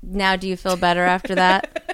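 A woman's voice: on the low side, completely flat delivery, moderate pace, a bit bright, clear, resonant tone, dry recording, faint music behind. A woman co-host in casual chat, curiously asking follow-up questions.

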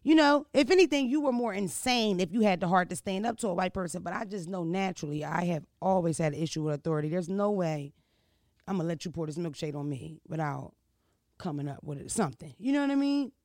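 A young woman hosts her podcast in a loose, profane, animated monologue, always checking in with her listeners. Her voice carries a gravelly fry. The sound is dry and close, with no room around it. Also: fairly low pitch, fast talker, no room sound. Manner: profane, animated storytelling with frequent "you know what I mean?". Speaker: podcast host. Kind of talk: casual monologue storytelling.

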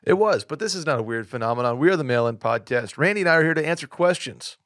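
A man's voice: a little high, lively intonation, quick pace, fairly bright tone, dry recording, studio quality. A man hosting a podcast in casual banter, teasing his guest and rattling off plugs in a joking way. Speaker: podcast host. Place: studio in Austin, Texas.

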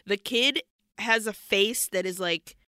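This podcast co-host has a medium-pitched voice with a sharp, clean tone, and she speaks slowly. The recording is dry and studio quality. She candidly retells a movie scene by scene in casual recap chat, detailing scenes between nervous laughs.

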